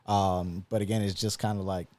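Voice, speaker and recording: A man with a lowish voice chats casually on a live podcast. He rambles easily, filling the gaps with ums and likes. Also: flat delivery, moderate pace, a little mellow. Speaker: podcast co-host.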